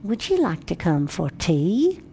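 A woman imitating a polite Southern woman friend with a soft drawl, gently gracious in manner. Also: lowish voice, huge pitch swings, unhurried, a little hiss or hum, exaggerated voice.

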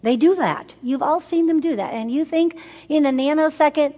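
A woman's voice: high voice, moderate pace, dark tone. An older woman speaking to a group of mothers, emphatic and repetitive, asking the audience questions. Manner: emphatic, repeats words for effect, asks the audience questions. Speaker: women's ministry speaker. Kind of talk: teaching talk to mothers. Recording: long hall reverb.

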